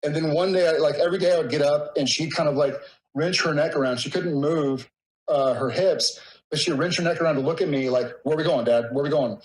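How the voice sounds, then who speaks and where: Male guest, 30s, slightly higher voice, warm rambling storyteller who gets choked up. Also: a little fast, poor audio. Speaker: podcast guest. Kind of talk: casual conversation.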